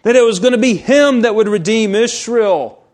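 A man preaching a sermon, reading scripture aloud and explaining it, slowing down to stress key words. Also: high voice, darkish tone. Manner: reads scripture aloud, then explains it with emphasis. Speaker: pastor.

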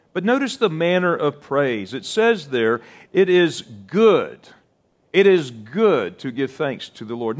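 A middle-aged man preaching a sermon, slow and deliberate, drawing out words for emphasis. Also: on the high side. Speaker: pastor.

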